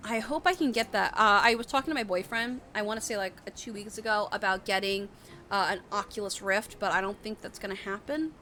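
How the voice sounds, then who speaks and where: A young woman streamer rambles casually on a live stream, full of fillers and restarts. Her mid-range voice is brisk, bright, and forceful, with a slight hiss or hum in the audio.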